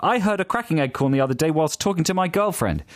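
A playful man reads out listener emails and trades quick banter. His voice sits a bit high and moves around a lot. The recording is close and dry. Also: expressive, dry recording. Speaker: podcast co-host. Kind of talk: casual chat reading listener emails.

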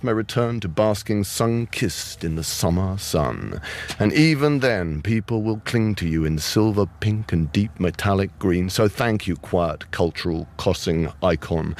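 A man performing a comic poem with theatrical, rhythmic delivery, then chatting as a guest at a festival broadcast. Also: on the low side. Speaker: guest poet.

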